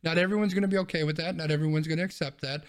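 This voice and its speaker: A man's voice: fairly high pitch, fairly even intonation, rapid-fire. A man co-hosting a casual talk show, reasoning things through and repeating words as he thinks. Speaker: podcast co-host. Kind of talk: casual chat.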